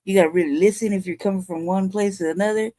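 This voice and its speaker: A woman's voice: mid-range voice, steady tone, quick pace, mellow, no room sound. Forties woman from california cussing up a storm on a commentary stream, dry close sound. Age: 40s. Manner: profane, angry ranting. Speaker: commentary show host. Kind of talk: heated livestream commentary.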